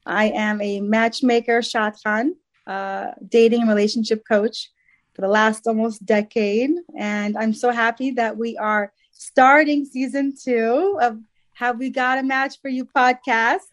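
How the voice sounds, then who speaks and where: A woman's voice: a little high, steady tone, measured pace. A woman from Long Island, a matchmaker and dating coach, co-hosting a podcast in an upbeat, bubbly way. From Long Island, New York. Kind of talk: casual podcast chat.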